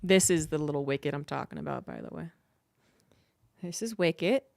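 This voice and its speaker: A woman's voice: deep voice, normal speed, vocal fry, darkish tone, dry recording, studio quality. A woman streamer in a casual livestream chat, telling a rambling, cursing story.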